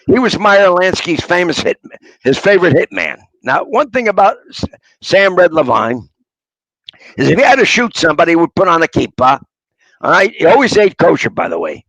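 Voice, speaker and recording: A man's voice: high-pitched, big pitch swings, normal speed, vocal fry, fairly bright tone, dry recording, rough recording. An older man, an author being interviewed, telling rambling anecdotes with punchlines. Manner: rambling raconteur, punchline storyteller. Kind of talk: anecdotal storytelling.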